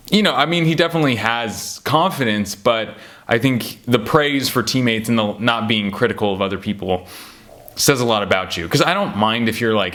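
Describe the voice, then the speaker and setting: A young American man chatting casually about basketball players, rambling and animated, laughing at his own stories. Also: fairly low pitch, fast talker. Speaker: basketball commentator. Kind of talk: casual chat.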